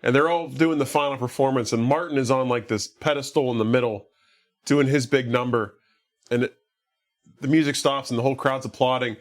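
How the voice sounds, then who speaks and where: A man's voice: mid-range voice, fairly even intonation, brisk. Casual rambling male podcast host. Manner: rambling, lots of "like", acts out quotes. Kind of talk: casual movie recap chat.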